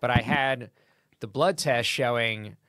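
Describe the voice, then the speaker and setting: A man's voice: mid-range voice, measured pace, no echo. A man chatting on a podcast, telling a story with energy and acting out what people said. His voice sits mid-range, and it is recorded close and dry, with no room sound. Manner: animated anecdote with acted-out quotes. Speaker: comedian guest. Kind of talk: casual storytelling.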